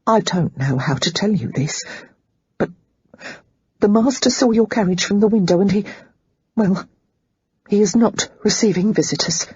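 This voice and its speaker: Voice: medium pitch, moderate pace, pauses often, darkish tone, slightly rough, no room sound, dull audio, voice pushed up. A narrator voicing a nervous older housekeeper who speaks hesitantly and respectfully, in an audiobook. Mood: regretful. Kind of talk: audiobook character reading.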